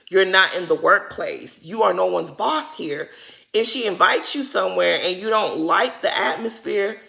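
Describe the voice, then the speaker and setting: Gossipy woman with a gravelly voice. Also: mid-range voice, a bit bright. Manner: gossipy, opinionated, acts out quotes with slang. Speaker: reality TV recap vlogger. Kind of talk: casual show recap.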